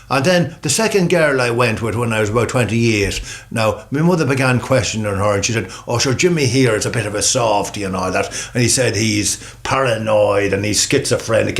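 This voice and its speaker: An older man with a rural Irish accent, a farmer talking casually in a rambling, folksy storytelling way at home. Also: mid-range voice. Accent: Irish, rural Meath. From Ireland. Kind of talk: casual documentary talk. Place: farmhouse, indoors.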